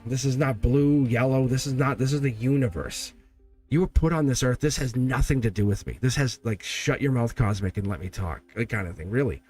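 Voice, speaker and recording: A man's voice: mid-range voice, darkish tone. A man in his forties hosting a live tarot stream, talking in an emphatic, rambling way and laughing between points. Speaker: tarot reader and livestream host.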